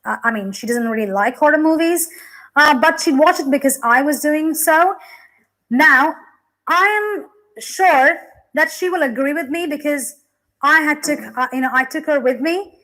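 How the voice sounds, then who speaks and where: A woman's voice: high-pitched, moderate pace, pushed and bright, poor audio. A young woman teacher explaining English grammar in a classroom lesson, with frequent "okay" and "you know" fillers.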